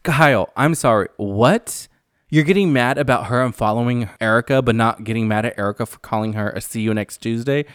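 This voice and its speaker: A man's voice: medium pitch, brisk, clear, resonant tone, no room sound, clean studio sound. A man hosting a casual recap podcast, talking in a blunt, sassy way and swearing freely. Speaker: podcast host.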